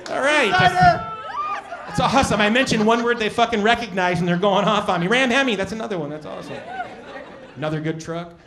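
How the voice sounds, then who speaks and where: Loud, high-voiced comedian. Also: male voice, expressive, a little fast, a crowd in the background. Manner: loud, profane, riffing with the audience. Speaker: stand-up comedian. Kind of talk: stand-up comedy with crowd work. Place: comedy club stage. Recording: club audience laughing loudly.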